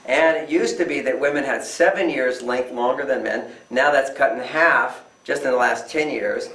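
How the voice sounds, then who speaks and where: A man's voice: medium pitch, moderate pace, a bit bright. An older man, a relationship author answering interview questions with emphatic delivery who often acts out quoted voices. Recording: echoey room, distant mic.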